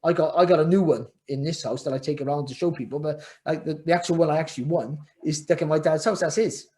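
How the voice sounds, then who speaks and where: Talking fast in a warm, fairly high voice with fairly even intonation, a middle-aged man recounts his past as a world champion boxer for a podcast interview. He rambles reflectively, often restarting and repeating words.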